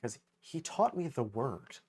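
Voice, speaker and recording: A man's voice: medium pitch, big pitch swings, measured pace, darkish tone, husky. A man streaming a game live, chatting casually in a rambling, self-mocking way and swearing freely. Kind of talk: casual gaming livestream chatter.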